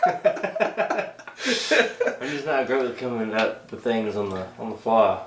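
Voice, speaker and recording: A man co-hosts a podcast and answers in a hesitant, halting way. His voice is fairly low. The room adds an echo, with clear background noise behind him. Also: animated. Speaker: podcast co-host. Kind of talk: casual chat.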